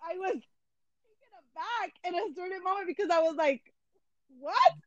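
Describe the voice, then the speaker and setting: A woman telling an animated story in a casual chat, switching between English and Spanish. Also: very high-pitched, a little fast, no room sound, muffled recording. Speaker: entertainment journalist guest.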